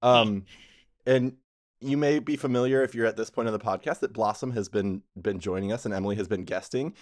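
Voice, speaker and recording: A man's voice: lowish voice, a little fast. A man hosting a casual group podcast, rambling and correcting himself with frequent laughs. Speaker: podcast host and game master.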